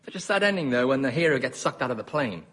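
A man's voice: mid-range voice, lively intonation, fast talker, fairly bright tone. A man playing a brash, tactless character in a sitcom. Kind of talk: sitcom acting.

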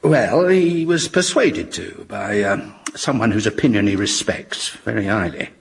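A deep, halting ghost. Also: male voice, expressive, gravelly. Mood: tender. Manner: halting, apologetic, tender. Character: gentle, awkward male ghost professor. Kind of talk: radio comedy acting.

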